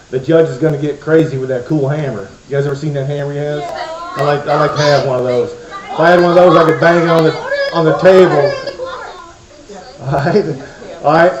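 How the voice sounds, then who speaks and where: A man presenting to a children's church crowd in a playful, joking, chatty way. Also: fairly high pitch. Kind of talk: comic talk to a kids' audience. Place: church hall before a crowd of kids. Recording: echoey hall, muffled sound.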